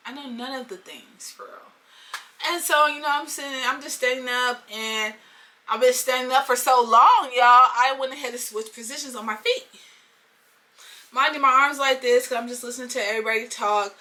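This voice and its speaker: Bright, animated woman telling a story. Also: high-pitched, moderate pace. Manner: animated, slangy, talks straight to viewers. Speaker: storytime vlogger. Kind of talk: casual storytime vlog.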